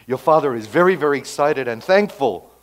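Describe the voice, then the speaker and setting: Quiet, matter-of-fact servant, read by a preacher. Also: male voice, mid-range voice, animated, fairly quick, lightly acted. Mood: calm. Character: household servant reporting news, calm.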